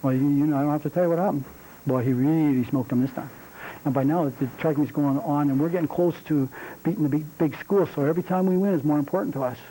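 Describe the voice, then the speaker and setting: A man's voice: a little high, quick pace, mellow, slight background noise, low-quality recording. A man, a coach, telling a rambling, folksy story to a group, with many restarts. He speaks with a Canadian accent. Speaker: coach giving a talk. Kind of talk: storytelling speech.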